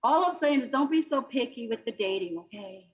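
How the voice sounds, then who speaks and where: Woman, stand-up comedian, fairly high voice, punchy chatty delivery, dull lo-fi stream audio. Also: lively intonation, fairly quick. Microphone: video call.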